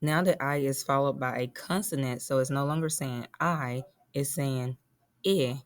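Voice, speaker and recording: A woman's voice: extremely low pitch, moderate pace. A woman teacher giving a phonics lesson to young children, patiently spelling and sounding out words.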